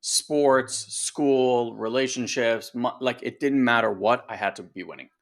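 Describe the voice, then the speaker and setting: Brief: male coach, conversational and lively, middle pitch, explaining with examples. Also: a little slow. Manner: animated, acts out voices, conversational. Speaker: coach and co-host. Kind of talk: casual coaching podcast talk.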